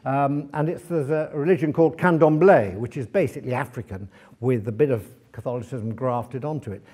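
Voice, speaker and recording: A man speaking as a guest author at a library event, telling lively travel anecdotes to an audience, with many fillers and restarts. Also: medium pitch, fairly quick. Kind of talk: anecdotal talk to a live audience.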